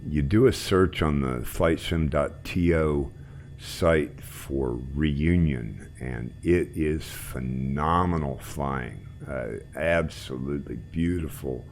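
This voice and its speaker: A man hosting a flight sim group, chatting in a relaxed, rambling way while he flies. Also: a bass voice, takes it slowly, a little hiss or hum. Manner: relaxed, rambling, trailing off quietly. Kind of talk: casual chat while flying.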